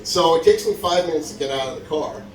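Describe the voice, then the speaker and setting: A man telling a stand-up story at a comedy club open mic, acting out the people he quotes with big jumps in his voice. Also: fast. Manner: animated, acts out quotes with big pitch jumps. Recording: echoey room, mic from far, crowd audible. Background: audience laughing.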